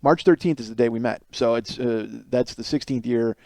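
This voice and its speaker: A man's voice: mid-range voice, brisk, warm tone, no echo, clean studio sound. A man in his thirties hosting a solo comedic monologue, telling a rambling, profane story and laughing between lines. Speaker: podcast host.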